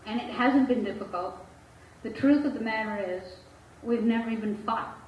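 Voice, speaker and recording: A woman's voice: on the high side, normal speed, slight background noise. Frank woman therapist in an echoey room. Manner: frank, laughs often, acts out quoted voices. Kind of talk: candid personal talk to an audience. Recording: echoey room, far from the mic, dull and lo-fi.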